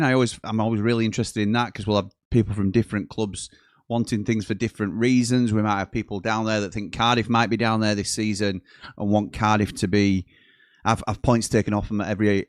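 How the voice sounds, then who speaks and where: A man hosting a football watch-along, chatting casually and rambling while deliberately putting on an exaggerated Welsh accent. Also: fairly low pitch, no room sound, clean studio sound. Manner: chatty, rambling, self-correcting. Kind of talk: casual live-stream chat.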